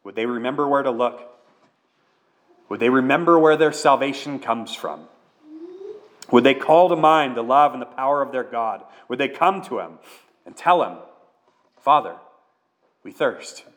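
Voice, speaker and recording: A man's voice: medium pitch, moderate pace, long pauses. A man who is a pastor, preaching a sermon in an earnest, conversational way with many questions.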